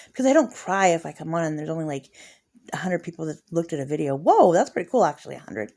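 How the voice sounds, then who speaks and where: A woman's voice: sits low, big pitch swings, fast, vocal fry, a little mellow. A woman in her forties rambling emotionally through a casual vlog monologue. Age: 40s.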